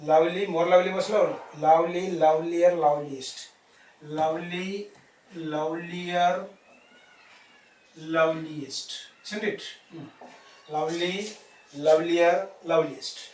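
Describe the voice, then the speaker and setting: A man's voice: fairly high pitch, steady tone, moderate pace, a little mellow. A man teaching a grammar lesson, spelling words letter by letter and asking "isn't it?" after each point. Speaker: English teacher. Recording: echoey room, distant mic, faint hiss.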